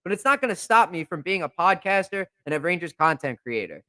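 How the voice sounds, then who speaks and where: A man's voice: high-pitched, big pitch swings, brisk, sharp tone, no echo. A young man hosting a podcast, ranting in a fired-up, indignant way and repeating himself as he builds steam. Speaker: podcast host. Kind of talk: heated podcast rant. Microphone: podcast microphone.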